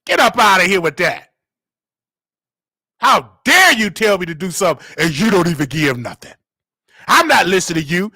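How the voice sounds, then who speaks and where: A man hosting a loud live show, his very high voice swinging wildly as he shouts and preaches. The tone is sharp and bright, with a gravelly edge. It is recorded close and dry. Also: moderate pace, long pauses, no echo. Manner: shouting, preachy, animated, scolding listeners. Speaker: show host. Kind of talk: loud live-stream commentary.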